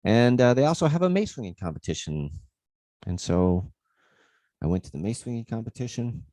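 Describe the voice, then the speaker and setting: A man's voice: medium pitch, very animated, moderate pace, mellow, no echo, clean studio sound. A man hosting a fitness livestream, telling a rambling story in a casual way and swearing freely.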